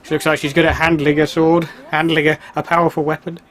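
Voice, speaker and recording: Excitable man commenting on a game. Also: fairly high pitch, fast. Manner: chatty, excitable, laughs often. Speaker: let's play gamer. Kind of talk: casual gameplay commentary.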